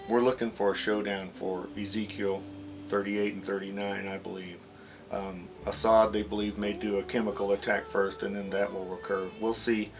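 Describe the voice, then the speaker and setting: A man retelling a dream to the camera in a halting, rambling, earnest way. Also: on the low side. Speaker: religious video blogger.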